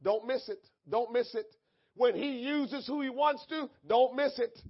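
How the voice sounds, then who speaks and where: A man preaching in a very high voice, drawing his words out slowly. He drops to quiet asides, then builds to shouted peaks, and the recording sounds dull and lo-fi. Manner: reads scripture in measured, deliberate cadence. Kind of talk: sermon.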